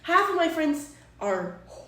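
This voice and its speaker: A woman Twitch streamer in an apartment room chats casually but exasperated, rambling and swearing freely as she defends herself to her chat. Her high, sing-song voice is bright, forceful and a little slow, recorded in an echoey room far from the mic.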